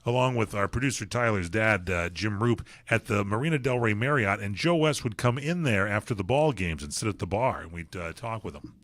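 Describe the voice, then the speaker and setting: A man's voice: lowish voice, expressive, fairly quick, hardly any pauses, a bit bright, dry recording. An older man co-hosting a casual sports radio show, telling stories loosely with lots of fillers. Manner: rambling, filler-heavy storytelling.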